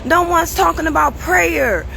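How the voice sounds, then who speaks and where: High, gravelly woman with a strained voice. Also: measured pace, noisy background. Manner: preachy, casual, keeps asking "you understand?". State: strained, tired voice. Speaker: show host. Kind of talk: motivational talk to viewers.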